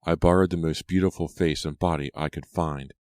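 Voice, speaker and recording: A man's voice: extremely low pitch, fairly even intonation, brisk, a little mellow, no room sound, clean studio sound. A man reading the part of a cruel, vengeful teenage girl ghost in an audiobook, with a mocking, gloating manner.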